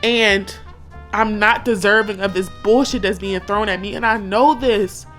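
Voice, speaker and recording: A woman's voice: medium pitch, fairly even intonation, measured pace, fairly bright tone, faint music behind. A woman in her thirties talking candidly and emotionally in a personal vlog, blunt and swearing often. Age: 30s. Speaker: vlogger.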